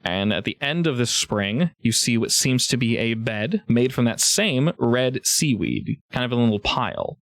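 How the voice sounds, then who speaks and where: A man running a tabletop game as game master, narrating in a casual, halting way with many fillers. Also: medium pitch, expressive, no room sound.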